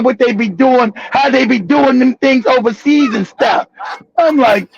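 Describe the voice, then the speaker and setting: A man tells a profane, animated story on a live talk show, laughing and shouting now and then. His voice is very high, gravelly and husky. The sound is dry and dull, like a lo-fi stream. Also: brisk, dry recording. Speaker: show host.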